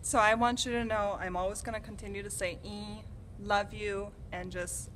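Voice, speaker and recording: A woman's voice: medium pitch, fairly even intonation, brisk, noisy background. A woman recording a farewell message to a retiring coworker, emotional and holding back tears.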